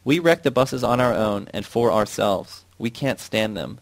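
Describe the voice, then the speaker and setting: A man reading aloud and voicing a defiant male mechanic who answers with deliberate obedience. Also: on the low side, vocal fry, no echo. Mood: calm defiance. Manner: snapping salutes, then flat and calm.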